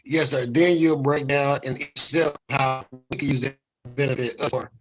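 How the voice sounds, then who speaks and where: A man's voice: mid-range voice, steady tone, moderate pace. A man attending a webinar on a video call with a weak connection, polite, saying yes sir while checking his notes. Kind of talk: asking questions on a video call. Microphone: video call over a weak connection. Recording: dull lo-fi call audio with faint noise.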